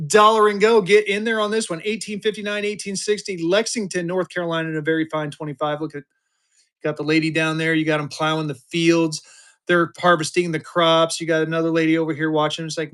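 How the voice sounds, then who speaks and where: A man in his fifties running a live-stream auction, talking fast and joking through his patter. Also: a little high. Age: 50s. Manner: energetic, joking, drawling "y'all" asides.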